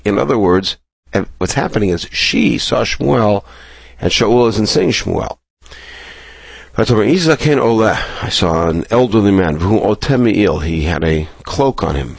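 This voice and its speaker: A man with a very low, gravelly voice teaches a text-study lesson. He reads each verse, translates it, and explains it. Bits of husky breath sit in his tone, and the recording sounds close and dry. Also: dry recording. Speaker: Bible teacher.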